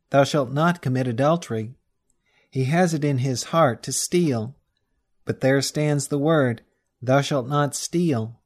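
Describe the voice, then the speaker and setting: A man reading a sermon text aloud in a measured, solemn way, slowing down on the scripture quotes. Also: a little high, a little mellow. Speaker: reader of a religious text.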